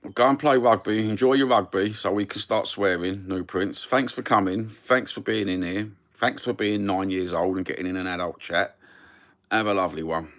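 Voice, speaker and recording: On a casual live stream, a middle-aged host with a Cockney London accent chats cheekily, swears liberally, and rambles. His voice is on the low side and a bit bright, with a steady tone at normal speed.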